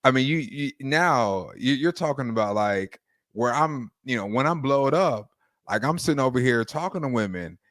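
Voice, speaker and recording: A man's voice: medium pitch, expressive, normal speed, fairly bright tone, no echo, studio quality. A man co-hosting a podcast, talking through faith in a casual, rambling way full of restarts. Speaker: podcast co-host.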